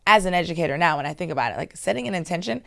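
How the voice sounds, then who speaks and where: A woman in her thirties from Maryland, telling stories in a lively, animated way as an interview guest. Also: fairly low pitch, very fast, gravelly, dry recording, studio quality. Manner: lively, animated storytelling with asides. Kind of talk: casual storytelling.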